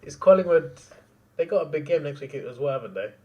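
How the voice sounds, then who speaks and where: A young man reacting live to a football match, excitable and quick to laugh, sometimes trailing off into mumbles. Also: on the high side, recorded from a distance, muffled recording.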